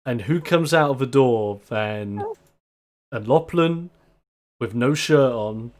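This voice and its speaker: A man's voice: mid-range voice, animated, slow pace, a little mellow. A man narrating a tabletop game as game master in a rambling way. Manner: rambling, with fillers.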